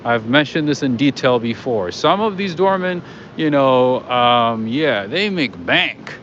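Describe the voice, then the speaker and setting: A chatty man talks to his viewers as he walks along a city street at night. His commentary rambles and is full of fillers, with traffic and street noise loud around him. The sound is a bit muffled. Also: medium pitch, lively intonation, measured pace. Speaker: livestream host. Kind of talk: casual walking commentary to viewers.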